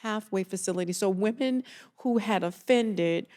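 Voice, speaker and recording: A woman's voice: mid-range voice, normal speed, mellow. A woman from Atlanta, a therapist guest on a podcast, telling reflective stories in an earnest, emotional way. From Atlanta, Georgia. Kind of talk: casual interview chat.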